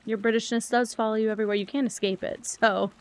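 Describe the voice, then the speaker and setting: A woman's voice: fairly high pitch, steady tone, quick pace, a little hiss or hum. A young woman chatting casually while streaming a cozy game, rambling, thinking aloud and answering chat.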